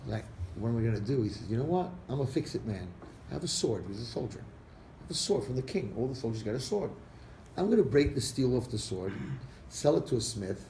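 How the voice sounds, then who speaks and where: A man, a rabbi, telling a parable to an audience and acting out the characters' lines with lively shifts. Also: medium pitch, fast talker, gravelly. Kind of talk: storytelling talk to an audience. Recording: echoey room recording with faint background noise.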